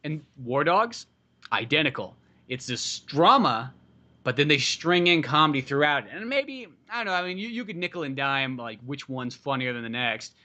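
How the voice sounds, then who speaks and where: Bright, emphatic man on a podcast. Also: a little high, expressive, moderate pace. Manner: emphatic, profane, argumentative. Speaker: podcast host. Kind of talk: casual chat.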